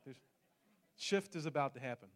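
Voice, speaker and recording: Man with a New Zealand accent, pastor, animated sermon storytelling, mid-pitched voice. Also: moderate pace. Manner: animated storytelling with jokes to the congregation.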